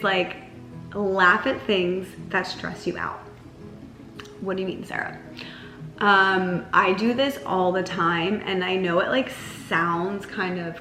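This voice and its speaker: A young adult woman giving casual lifestyle advice to camera, chatty and full of "like", sometimes mocking herself playfully. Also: a bit bright. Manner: chatty, lots of "like", mocks herself in a whiny high voice. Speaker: lifestyle vlogger. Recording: roomy echo with faint music.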